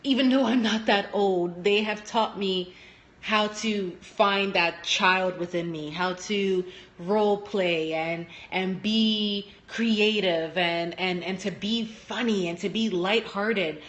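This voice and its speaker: A young woman who works as a teacher, talking casually on a phone live stream at home, telling lively stories and acting out what people said. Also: slow, muffled recording. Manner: animated storytelling, acting out quotes with big pitch jumps.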